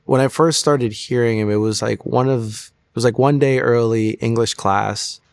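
A man's voice: mid-range voice, fairly even intonation, moderate pace, gravelly, dry recording. A young man telling his personal faith testimony in an interview, earnest and reflective, often restarting his sentences. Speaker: testimony guest.

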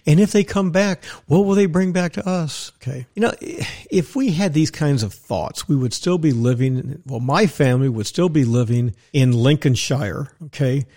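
An older man hosting a podcast, talking bluntly and ranting in a solo monologue, mocking others now and then. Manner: blunt, ranting, animated, mocks others in put-on high voices. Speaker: podcast host. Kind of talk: opinionated solo talk.

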